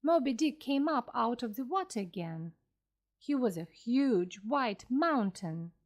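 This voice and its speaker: Slow, expressive woman reading a story. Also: a little high. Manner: clear, careful and expressive. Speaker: audiobook narrator.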